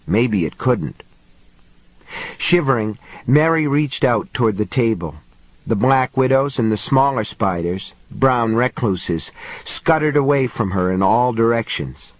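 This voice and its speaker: A man narrating a horror audiobook in a measured, even storytelling voice. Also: mid-range voice, no echo, low-quality recording.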